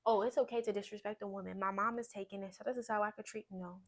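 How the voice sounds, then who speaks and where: A young woman giving a personal testimony in conversation, earnest and storytelling, often dropping to a quiet voice. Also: steady tone, fast. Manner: earnest, storytelling, drops to quiet low voice when recounting. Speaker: guest sharing testimony.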